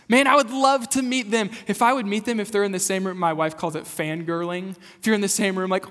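A young lead pastor from rural Kansas preaches a lively, conversational sermon with a fairly high-pitched voice. He asks the congregation questions and keeps a friendly, engaged manner. His voice rings with a long reverb through a church sanctuary. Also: fairly quick.

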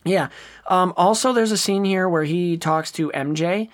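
Animated man in casual podcast chat. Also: sits high, measured pace. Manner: animated, acts out scenes in voices. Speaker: podcast co-host.

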